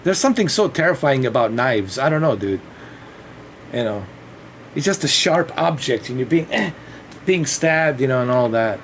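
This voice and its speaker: On a livestream, a man chats casually, rambling, swearing freely, restarting often and laughing a lot. His voice is medium-pitched and expressive at a normal speed, with a little hiss or hum in the background.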